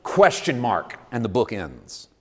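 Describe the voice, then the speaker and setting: A man preaching a sermon to a congregation that answers him, moving from calm storytelling to loud, emphatic climaxes. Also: mid-range voice, unhurried, breathy edge. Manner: preaching with congregation call and response. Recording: long reverb of a large hall.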